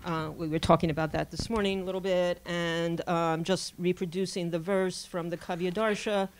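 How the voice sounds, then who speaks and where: A woman giving an academic conference lecture, speaking in a measured scholarly way with frequent pauses and self-corrections. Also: lowish voice, steady tone, slight background noise.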